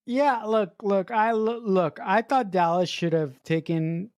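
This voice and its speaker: A woman's voice: mid-range voice, a little slow, a little mellow, dry recording, clean studio sound. Emphatic ranting woman podcast co-host. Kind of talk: casual film review chat.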